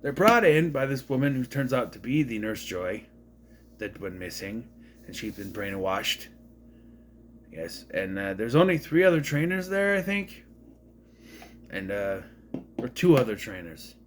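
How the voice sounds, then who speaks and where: Male reviewer from Minnesota, lively pitch, casual, self-correcting, dry asides. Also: measured pace, long pauses, slight background noise. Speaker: movie reviewer. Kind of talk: casual movie recap.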